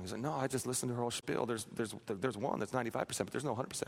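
A man preaching a sermon, telling a story with animated, acted-out quotes and humor. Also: mid-range voice, rapid-fire, gravelly, husky. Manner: animated, acts out quotes, plays for laughs. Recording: reverberant hall.

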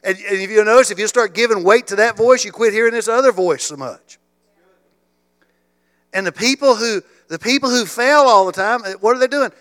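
A middle-aged male pastor preaching a sermon in a voice a touch higher than most men's. He stumbles and repeats himself, then drives his points home with rising force. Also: moderate pace. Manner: repeats words and restarts, builds to loud emphatic stretches. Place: church.

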